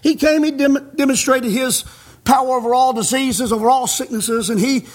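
A male pastor preaching a fiery sermon, emphatic and scolding, rising to shouts. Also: very high-pitched, moderate pace.

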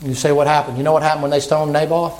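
A man preaching a sermon, retelling a scripture story in a folksy, animated way with playful asides. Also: on the high side, racing.

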